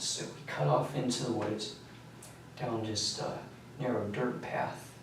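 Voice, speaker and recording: A man in his late teens, tired and worn out, recounting events in a halting, rambling way while being questioned by police. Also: mid-range voice, fairly even intonation, vocal fry, noisy background. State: exhausted. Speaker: suspect under questioning. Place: police interrogation room. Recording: echoey room, mic far off.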